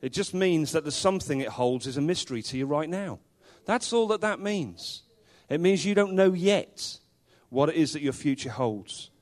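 A man's voice: fairly high pitch, lively intonation, moderate pace, a little mellow. Earnest man preaching with emphatic repetition. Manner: earnest, emphatic, repeats key words. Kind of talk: sermon.

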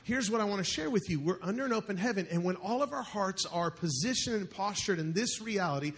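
High-voiced joking male pastor. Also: lively intonation, fast talker, a bit bright. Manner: joking, calls out questions to the congregation. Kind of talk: sermon. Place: church before a live congregation.

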